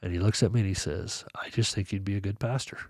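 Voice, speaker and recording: A man's voice: fairly low pitch, quick pace, no echo, clean studio sound. A man telling a personal story in casual conversation, acting out what people said to him. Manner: animated storyteller, acts out quoted dialogue. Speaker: podcast guest.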